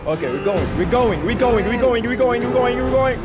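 A young man gives nervous running commentary on a horror game, dropping to hushed mutters and then bursting into panicked shouts. His voice sits high and swings widely in pitch, and it sounds a little worn. Game music plays clearly behind him. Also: lively intonation, fairly quick, hardly any pauses. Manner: talks to viewers while playing. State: losing his voice. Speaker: gaming YouTuber.

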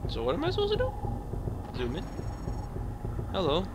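A man playing a video game and commenting, jokey and excitable, talking back to the game. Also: high-pitched, normal speed, heavy background noise. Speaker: gaming channel host. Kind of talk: let's play commentary. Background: game music.

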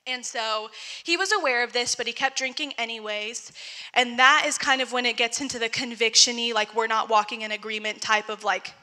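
A woman's voice: a little high, steady tone, a little fast, bright, forceful tone, big-room sound. A young woman giving a candid, chatty personal testimony at a church gathering, talking casually and using "like" a lot. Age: young adult. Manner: candid, chatty, heavy use of "like". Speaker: testimony speaker.

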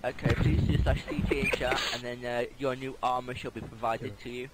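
A man acting as a roleplay trainer, patiently and haltingly instructing a new player in game voice chat. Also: mid-range voice, steady tone, heavy background noise.

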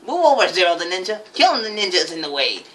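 A woman voicing a brash, boastful young male anime ninja hero in a strained, shouted high voice, over game noise. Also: very animated, fast, far from the mic. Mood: boastful shouting.

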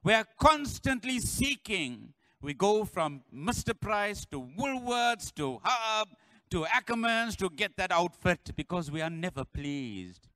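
A pastor preaching a sermon in church, building to shouted refrains and calling on the congregation to answer. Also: male voice, high-pitched, big pitch swings, measured pace, no room sound, rough recording.

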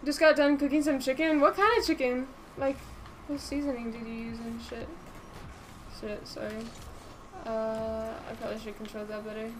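A woman's voice: a little high, level tone, moderate pace, noisy background. A woman streaming a game live, chatting casually, swearing freely and answering her chat aloud.

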